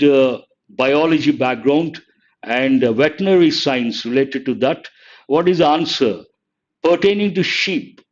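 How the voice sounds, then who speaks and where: An older man teaching English vocabulary in a live online exam-prep lesson, explaining slowly and repeating words, sometimes scolding the chat. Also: on the high side, a little mellow. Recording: dull lo-fi stream audio.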